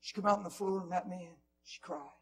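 A man preaching in a church, telling stories in a Q&A session, going from loud to hushed whispers. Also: sits high, quick pace, a little hiss or hum, low-quality recording. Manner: animated storyteller, swings from loud to hushed whispers. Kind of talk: Q&A teaching with storytelling.

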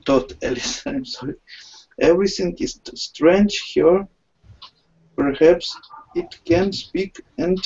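A woman's voice: on the low side, dark tone, slightly rough. A woman student reading a story aloud in an online class, stumbling, correcting herself and laughing. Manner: slow halting reading with self-corrections and laughs. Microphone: video call. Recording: dull lo-fi online call audio.

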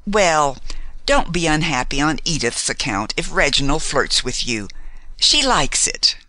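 A man's voice: fairly high pitch, very animated, a little slow, bright, forceful tone, full character voice, low-quality recording. A man reading as a prying haughty society lady. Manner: prying, condescending, affable on the surface. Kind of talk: audiobook character reading.

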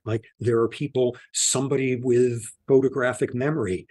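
Casting: man, husky voice, measured thoughtful interview guest, dry sound. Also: mid-range voice, fairly even intonation, darkish tone, no room sound. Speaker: interviewee scientist. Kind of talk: conversational explanation.

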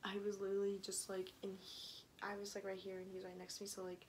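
A woman's voice: medium pitch, monotone, quick pace, a little hiss or hum, rough recording. A young woman rambling in a casual video diary, often dropping into a whisper. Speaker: vlogger.

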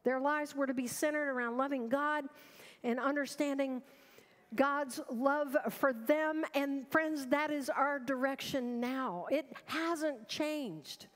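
A woman's voice: high voice, steady tone, unhurried. A woman pastor preaching a sermon with earnest urgency, asking the congregation rhetorical questions. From United States. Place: large church sanctuary. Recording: long reverb of a church hall.

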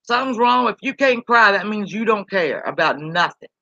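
A woman's voice: mid-range voice, lively intonation, normal speed, pushed and bright, no echo, highs cut off. A woman, ranting bluntly and profanely on a live-stream while reading chat aloud. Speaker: YouTube commentary host.

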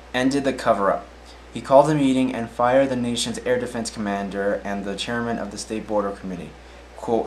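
A man's voice: lowish voice, slight background noise, rough recording. A man casually reading odd news stories aloud, often tripping over names, then adding his own offhand comments.

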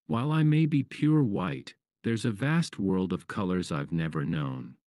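A man's voice: sits low, unhurried, darkish tone, no echo, studio quality. A man voicing a graceful but discontented swan who speaks wistfully. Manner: wistful, heavy-hearted.

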